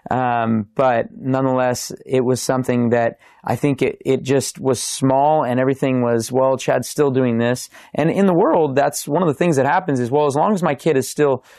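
A man's voice: mid-range voice, fairly even intonation, normal speed, hardly any pauses, darkish tone, dry recording. A man in his thirties, a podcast guest telling his faith testimony in an earnest, restart-filled storytelling way. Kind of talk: testimony in casual interview.

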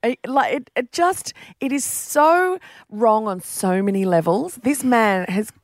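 A woman co-hosting breakfast radio, outspoken and expressive, with a fairly high voice. Her voice is recorded close and dry on a studio microphone. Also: measured pace, dry recording. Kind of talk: casual radio banter.

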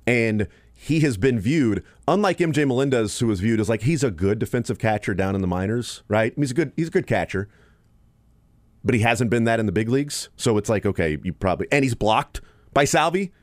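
A man's voice: mid-range voice, animated, a little fast, no echo. A man hosting a sports radio show, talking baseball in a loose, rambling way with many fillers. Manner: rambling, thinking aloud with fillers.

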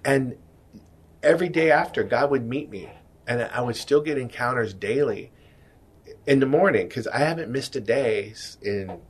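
A man's voice: medium pitch, normal speed, slightly rough. Earnest man in his fifties testifying. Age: 50s. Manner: earnest, emotional, often dropping soft. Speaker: guest, jewelry business owner. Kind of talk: personal faith testimony.

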